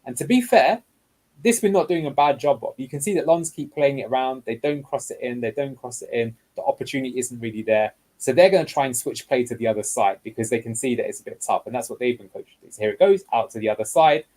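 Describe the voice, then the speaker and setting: A man's voice: mid-range voice, expressive, fast talker, darkish tone, rough recording. A man working as a guest football analyst, explaining match footage step by step in a tactical video breakdown. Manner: explanatory, walks through clips step by step.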